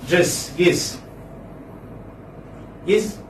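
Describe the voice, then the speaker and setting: A man teaching English phonetics in a classroom lecture, saying words again and again and quizzing his students. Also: extremely slow. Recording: echoey classroom, distant mic, faint noise.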